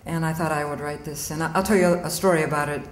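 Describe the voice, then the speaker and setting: A woman's voice: low-pitched, fairly even intonation, fast, slight background noise. A woman poet giving a poetry reading, blunt and wry, chatting and laughing between poems. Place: auditorium with audience. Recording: echoey hall, faint room ambience.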